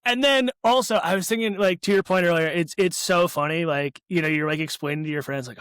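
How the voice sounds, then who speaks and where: Man, high voice, podcast co-host, laid-back sarcastic chat, dry close mic. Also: fast talker, hardly any pauses, a bit bright, clean tone, no echo. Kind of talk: casual chat.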